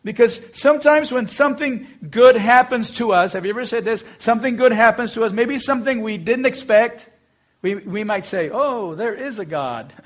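A man with a notably high voice preaching a sermon. He tells the scripture story expressively and leans hard into slow, emphatic phrases. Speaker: pastor.

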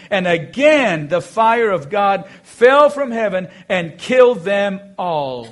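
High-voiced man preaching a sermon. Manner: storytelling, expressive with slow emphatic phrases. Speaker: pastor.

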